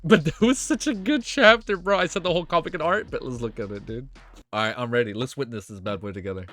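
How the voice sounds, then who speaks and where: A young man hosting a reaction stream. He reads a web novel aloud and keeps breaking in with excited, slangy outbursts. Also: mid-range voice, fast, faint music behind. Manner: excitable, slangy, cuts in on his own reading with outbursts.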